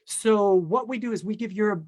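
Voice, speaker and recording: A middle-aged man, a sign language instructor, talking casually and lively on a video call, often acting out quotes in voices. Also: high voice, moderate pace.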